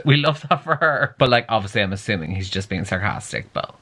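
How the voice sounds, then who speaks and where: Young guy doing a chatty campy book reaction vlog, sassy little asides, reads bits out loud. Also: lowish voice, expressive, brisk. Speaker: book vlogger. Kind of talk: casual reading-reaction vlog.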